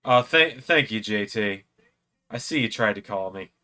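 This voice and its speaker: A man's voice: fairly low pitch, lively intonation, a little slow, sharp tone. A tipsy man hosting a live watch-along stream, rambling and swearing a lot as he comments. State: tipsy from drinking. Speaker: stream host.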